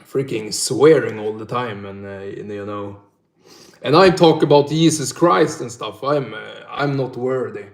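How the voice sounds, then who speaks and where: Slow-talking Swedish man in a roomy echo. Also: mid-range voice. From northern Sweden. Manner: swears a lot, laughs often. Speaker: livestreamer. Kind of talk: casual livestream Q&A.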